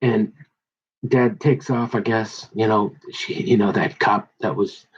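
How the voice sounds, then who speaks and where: A man telling rambling personal stories, digressive and halting, with many restarts and asides. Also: fairly low pitch, fairly even intonation, breathy edge. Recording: dull lo-fi recording.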